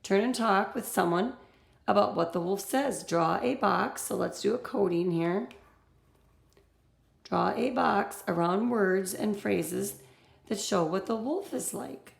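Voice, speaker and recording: A woman teacher reads a story aloud and explains it patiently, one step at a time. Her voice has a gravelly, fry-edged texture. The sound is roomy and echoey. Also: medium pitch, takes it slowly. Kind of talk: reading lesson for children.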